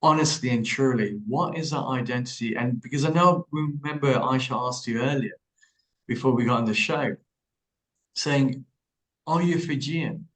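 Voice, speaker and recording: A man's voice: medium pitch, normal speed, a bit bright, rough recording. A man hosting an interview, easygoing and joking as he asks probing questions. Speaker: interviewer, host. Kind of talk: casual interview chat.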